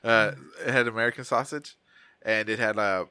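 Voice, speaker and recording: A man's voice: lowish voice, steady tone, normal speed, sharp tone, clean tone, dry recording. A middle-aged man, co-hosting a podcast and telling rambling, profane stories in casual chat. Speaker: podcast co-host.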